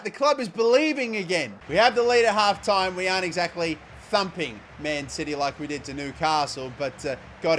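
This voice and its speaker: A man commentating his own football video game career in an animated, casual way with mild swearing and sudden shouts. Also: sits high, slight background noise. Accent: Australian. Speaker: gaming YouTuber.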